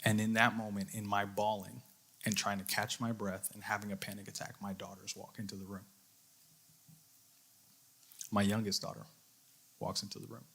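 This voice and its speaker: Earnest man preaching, bright forceful voice. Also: fairly low pitch, little pitch movement, moderate pace, vocal fry, long pauses, breathy edge. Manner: earnest storytelling with quoted inner voice. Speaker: youth leader. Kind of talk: sermon.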